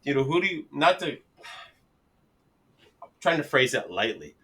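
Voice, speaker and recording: Male podcast host, bright and punchy tone, profane storyteller. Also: medium pitch, very animated, normal speed, breathy edge. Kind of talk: casual chat.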